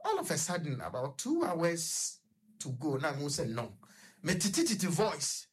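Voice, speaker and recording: A young man with a Ghanaian accent, a guest on a radio discussion, telling a personal story in a halting way and stuttering repetitions. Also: fairly high pitch, wildly swooping pitch, slightly rough.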